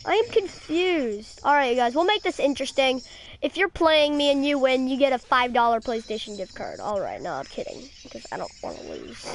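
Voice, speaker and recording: A woman's voice: high voice, sing-song, brisk, creaky, background noise. A woman doing casual gaming commentary, playfully trash-talking and exclaiming at the screen. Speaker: gamer streaming a baseball game.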